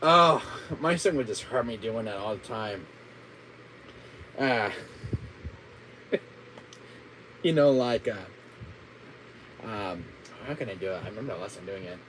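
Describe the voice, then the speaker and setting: A man's voice: on the low side, expressive, a little slow, long pauses, a bit bright, a little hiss or hum, rough recording. A man chatting casually on his gaming livestream, laughing constantly at his own jokes. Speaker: gaming streamer.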